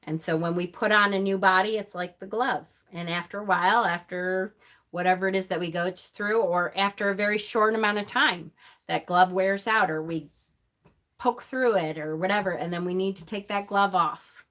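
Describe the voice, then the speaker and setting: A woman's voice: mid-range voice, normal speed, a bit bright. A middle-aged woman hosting a live stream, chatting casually and answering viewers' comments by name. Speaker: host of a pagan live stream.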